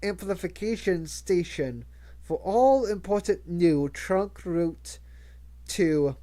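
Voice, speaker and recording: Slow, mellow audiobook narrator. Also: medium pitch, expressive. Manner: measured, with occasional stumbles and restarts. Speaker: audiobook reader.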